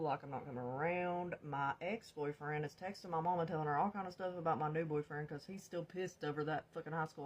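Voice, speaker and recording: A young woman whose voice sits low shares her own story to the camera, with a little hiss or hum in the audio. Her delivery is animated and casual, full of swearing, laughter, and "y'all" to her viewers.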